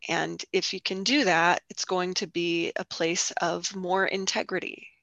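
Host voice, bright edge, muffled dry lo-fi sound, keeps saying yep and mm-hmm. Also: medium pitch, little pitch movement, measured pace, creaky, dry recording. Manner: affirming, frequent agreement sounds. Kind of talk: casual podcast conversation.

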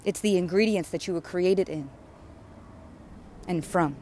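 A woman's voice: on the low side, unhurried, mellow, a little hiss or hum. A woman delivering an impassioned, rhythmic spiritual sermon, repeating phrases with growing fervor. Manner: repetitive, rhythmic, fervent preaching. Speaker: spiritual speaker.

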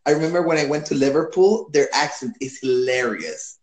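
An easygoing man from Chile chats and laughs with a friend. His voice sits a little high for a man. The recording picks up a noticeable room echo around him. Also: brisk. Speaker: chat partner. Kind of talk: casual chat. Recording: echoey room.

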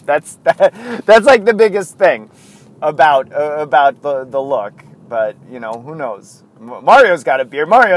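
A man hosting a casual sports talk show, rambling and interrupting himself, chuckling often as he goes. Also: on the high side.

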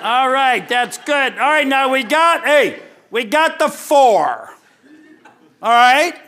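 A man's voice: extremely high pitch, very animated, takes it slowly, bright, forceful tone. A man preaching a sermon, folksy and joking, often restarting his sentences. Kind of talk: sermon with live illustration.

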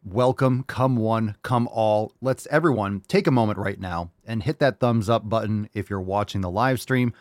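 A man hosting his own livestream podcast, delivering a loud, profane, jokey and hyped-up monologue. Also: lowish voice, normal speed, few pauses, no echo, clean studio sound. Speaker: podcast host. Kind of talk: brash comedic livestream monologue.

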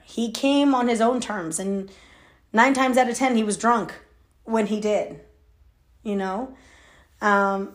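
A woman in her thirties talking candidly to her viewers in a confiding, emphatic way, laughing between thoughts. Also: a little high. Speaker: vlogger. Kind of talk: candid personal talk to camera.

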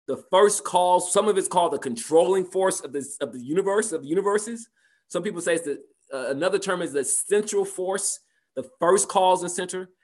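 A man's voice: on the high side, fairly bright tone. Man teaching a spiritual class. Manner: conversational, repeats phrases, tag questions. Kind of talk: spiritual class answering questions.

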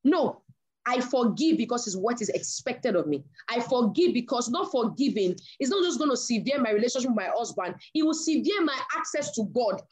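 Woman, sermon, animated storyteller, slightly high voice. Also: fairly quick, husky. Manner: animated storyteller acting out dialogue. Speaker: preacher.

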